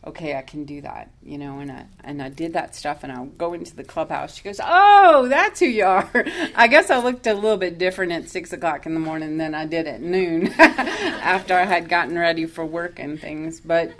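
A woman telling her own recovery story at a meeting, candid and self-mocking, laughing often as she talks. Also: fairly low pitch. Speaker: recovery speaker.

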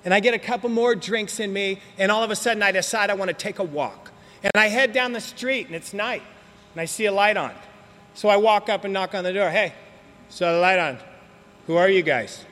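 A man's voice: high-pitched, a little fast, a bit bright. An older man giving a blunt, emphatic personal testimony at a recovery meeting, repeating words for effect. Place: meeting hall. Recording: long reverb of a meeting hall.

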